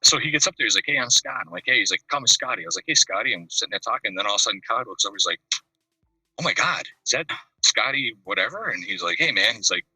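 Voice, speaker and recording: A man's voice: fairly low pitch, racing, few pauses, sharp tone, husky, no room sound. A man calling in to a video chat show, telling a rambling story and acting out the voices of the people in it. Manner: rambling anecdotes, acts out the voices of the people in them. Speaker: caller. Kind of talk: casual storytelling. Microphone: video call. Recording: distant mic on a video call.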